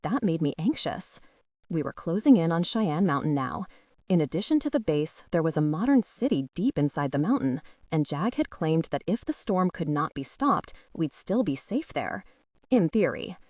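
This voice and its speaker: A woman's voice: low-pitched, big pitch swings, normal speed, a little mellow, dry recording, clean studio sound. A woman narrating a first-person audiobook, telling the story expressively and with feeling.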